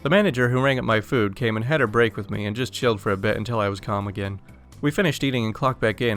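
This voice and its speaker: A man's voice: lowish voice, fairly bright tone. A young man narrating an online story aloud in a casual, exasperated way. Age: young adult.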